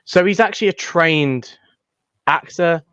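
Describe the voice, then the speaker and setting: A man's voice: fairly high pitch, measured pace, fairly bright tone, clear, resonant tone, dry recording, muffled recording. A young British man, a fan filmmaker, chatting casually and rambling with many restarts. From United Kingdom. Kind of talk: casual chat.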